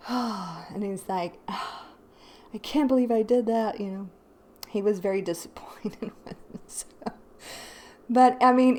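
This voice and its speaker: A woman's voice: mid-range voice, a little mellow. A woman hosting her own channel, casually telling a rambling personal story to viewers, full of "like" and "you know". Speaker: tarot reader and channel host.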